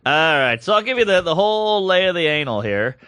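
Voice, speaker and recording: A man's voice: high voice, sing-song, a little fast, pushed and bright, slight background noise. A man co-hosting a podcast, telling a story in casual comedy chat, playful with goofy asides. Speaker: podcast co-host.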